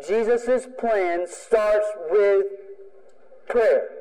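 A male pastor delivering a sermon with emphatic, repetitive phrasing. His voice sits a bit high but sounds mellow and dark. It rings out with a long hall reverb, as in a church sanctuary. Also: very slow. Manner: emphatic preaching with repeated phrases.

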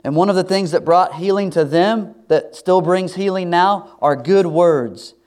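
A middle-aged man preaching a sermon to his congregation in a conversational way, sometimes dropping to a soft, confiding tone. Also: sits high, a little slow. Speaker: pastor.

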